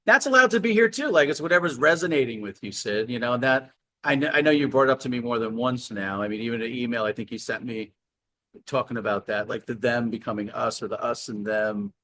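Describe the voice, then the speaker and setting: A man who is a guest in a casual spiritual conversation over a video call, playful and animated, often laughing. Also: medium pitch, fairly quick.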